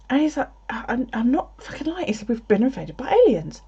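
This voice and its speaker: A woman's voice: a little high, very animated, normal speed, warm tone, breathy edge. A woman streaming from home, chatting casually and telling a story with plenty of swearing. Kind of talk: casual livestream chat. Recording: slightly dull lo-fi audio.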